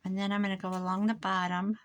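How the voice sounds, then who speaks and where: A woman's voice: mid-range voice, little pitch movement, quick pace. An older woman, a grandmother, chatting casually and rambling as she works on a craft project. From United States. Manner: rambling, chatty, talks while working. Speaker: craft vlogger. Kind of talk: casual chat while crafting.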